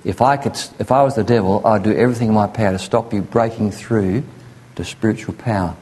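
A man's voice: on the low side, fast talker, darkish tone, slightly rough. A man preaching a sermon in an earnest, conversational way, sometimes acting out the voices of people he quotes. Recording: echoey hall.

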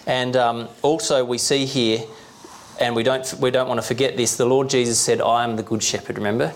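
A man's voice: mid-range voice, little pitch movement, moderate pace, slight background noise. A young man preaching a sermon as pastor, explaining plainly in a conversational way, often checking in with the congregation and chuckling now and then. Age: young adult.

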